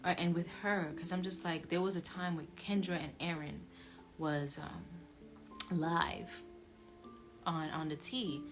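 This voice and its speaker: A woman with a lowish voice tells a personal story, swinging from low muttering to loud, emphatic outbursts. Her delivery is emotional and casual. Music plays clearly under her voice. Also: fairly even intonation, slow.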